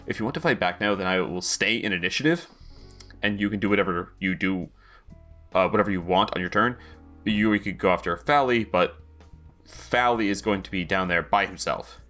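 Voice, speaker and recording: A man narrating as game master in a tabletop role-playing game, explaining the rules at length in a friendly, relaxed way. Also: deep voice, moderate pace, soft background music.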